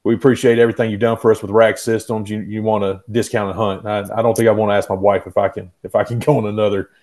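A man's voice: on the low side, little pitch movement, quick pace, darkish tone. Easygoing man telling stories. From Arkansas, US. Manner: easygoing storyteller, folksy. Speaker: guest, rack company owner. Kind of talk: casual podcast chat.

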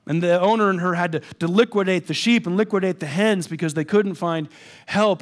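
A man preaching a sermon, with a high, lively voice. He tells a story in a casual, self-deprecating way, then turns to earnest exhortation. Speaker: pastor.

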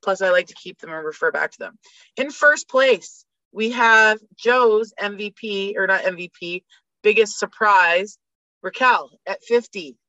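A woman's voice: mid-range voice, measured pace, pushed and bright, dry recording. A woman talking sports as a podcast guest, ranting with energy and reeling off statistics. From Canada. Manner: fired-up ranting, rattling off stats. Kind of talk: casual sports chat. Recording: dull lo-fi dry recording.

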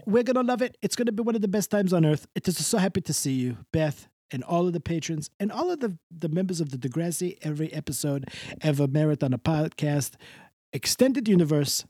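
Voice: mid-range voice, darkish tone, husky, no echo, clean studio sound. A podcast host putting on a comic caricature character, a pushy, hospitable figure with a mock Italian-style accent and broken grammar, rambling and laughing. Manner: effusive, rambling, laughs a lot.

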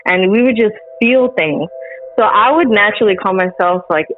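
A woman telling a personal story in casual chat, animated and laughing often, acting out the lines she quotes. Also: mid-range voice, moderate pace, narrow, tinny audio, a little hiss or hum. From Central Texas. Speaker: guest.

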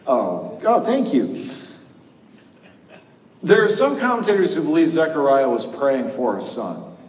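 A pastor preaching a sermon in a church sanctuary, conversational and joking. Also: male voice, medium pitch, far from the mic, slight background noise. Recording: cavernous echo from a live stream, voice from afar.

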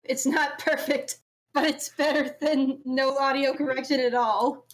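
High-voiced woman with dry remarks. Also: steady tone, measured pace. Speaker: podcast co-host. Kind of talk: casual chat on a live stream.

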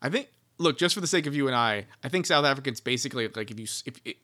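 A man's voice: mid-range voice, expressive, rapid-fire, sharp tone. A man co-hosting a casual book-discussion podcast, rambling and laughing, with lots of restarts. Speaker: podcast co-host.

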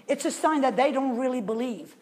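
Woman preacher with a high voice, emphatic sermon, dropping from loud to soft. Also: animated, brisk. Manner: emphatic, asks the audience rhetorical questions; swings between loud and very soft.

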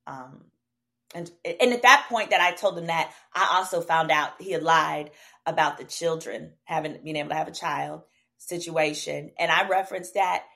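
A woman with a Southern American accent telling a personal story as a podcast guest, animated and profane, acting out quoted dialogue. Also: low-pitched, moderate pace, vocal fry. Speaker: podcast guest, attorney and comedian. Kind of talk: casual storytelling chat.

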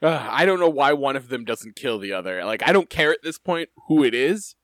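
A man's voice: medium pitch, lively intonation, a little fast, fairly bright tone, no room sound, studio quality. A man co-hosting a podcast in casual chat, sarcastic and exasperated, swearing as he jokes. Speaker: podcast co-host.

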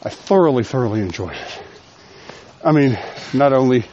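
A man's voice: medium pitch, lively intonation, moderate pace, darkish tone. Man, podcast host, chatty, rambling, a bit out of breath, outdoors, dull lo-fi phone sound, faint noise. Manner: chatty, rambling, self-deprecating. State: slightly out of breath from walking. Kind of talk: casual solo podcast monologue. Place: outdoors while walking.

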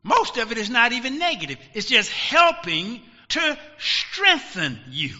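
Emphatic middle-aged male pastor, lively high delivery; dull recording with long hall reverb. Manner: emphatic, rising to shouts, dramatic pauses. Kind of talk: sermon. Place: church sanctuary.

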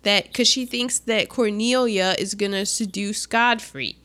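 A woman's voice: mid-range voice, a little slow. A woman chatting casually as she retells a film's plot, acting out the lines with laughter. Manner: animated, acts out quotes with laughs. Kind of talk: casual chat retelling a film.

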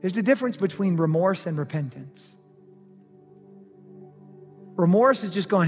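A male pastor preaching a sermon, telling a personal story with lively, animated delivery that turns heated and loud in places. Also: high voice, a little slow, long pauses, big-room sound, soft background music.

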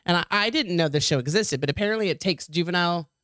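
A woman's voice: lowish voice, fast talker, a bit bright, clear, resonant tone, no echo. Woman, podcast co-host, chatty, teasing, profane, dry close sound. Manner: chatty storyteller, swears freely, teasing. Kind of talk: casual bar-talk podcast chat.

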